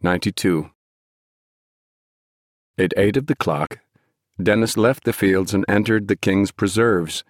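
A man narrating a fantasy novel at a measured, steady pace. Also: lowish voice, no echo, studio quality. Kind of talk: audiobook narration.

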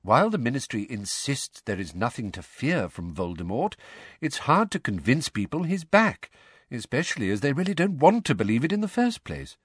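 A man voicing a weary, thoughtful middle-aged wizard who explains things in a calm, measured way. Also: medium pitch, breathy edge, no echo, voice pushed up.

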